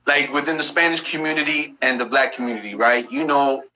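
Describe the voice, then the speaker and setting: A man, talking bluntly and profanely in a casual livestream chat about spiritual practice, telling animated stories. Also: medium pitch, a little fast, faint music behind, poor audio. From New York.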